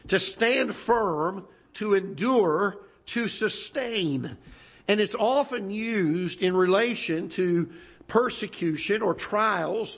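A man preaching a sermon as pastor, unhurried and folksy with many fillers, slowing down to read scripture. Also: sits high, lively intonation, gravelly, slightly rough. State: occasional cough. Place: church auditorium. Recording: dull lo-fi church broadcast audio.

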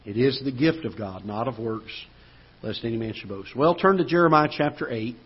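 A male pastor preaching a sermon in a church auditorium, breaking into joking asides and then rising and slowing for emphasis when he reads scripture aloud. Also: medium pitch, husky, dull audio. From United States.

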